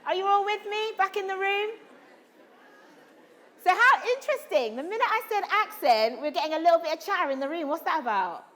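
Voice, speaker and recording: Animated woman coaching a room. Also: extremely high pitch, fairly quick, a faint crowd. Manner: animated, calls out to the room, asks questions. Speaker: actor leading a drama workshop. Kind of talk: lively workshop coaching. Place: large room with a live audience.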